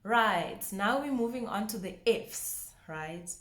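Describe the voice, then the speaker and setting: A woman teaching a pronunciation lesson, slowly repeating each word with care. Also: mid-range voice, animated, fairly bright tone, roomy sound. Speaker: language teacher.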